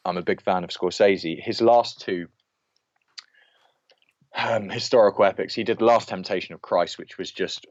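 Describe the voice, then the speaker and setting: A man's voice: sits low, steady tone, normal speed, pauses often, no echo. A man co-hosting a podcast, giving an opinionated film review in casual chat and ranting with many restarts. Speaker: podcast co-host. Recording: dull lo-fi podcast audio.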